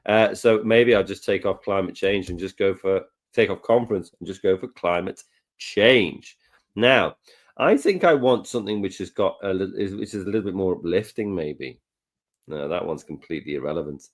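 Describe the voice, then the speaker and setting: A man's voice: deep voice, normal speed. A man co-hosting a live tutorial, talking through clicks in a chatty, rambling way with wry asides. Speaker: co-host tutor.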